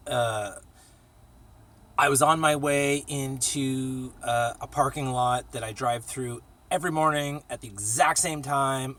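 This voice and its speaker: Laid-back guy swearing thru a rambly vlog story, husky, kinda far from the mic. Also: medium pitch, a bit bright. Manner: profane, laid-back storytelling with sung jingle. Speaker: vlogger.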